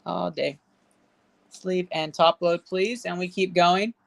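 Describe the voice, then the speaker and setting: Her voice sits on the low side, steady and a little slow, with faint hiss or hum in the background. As this livestream host opens card packs, she calls out running card value totals and cheers and jokes with the viewers in chat.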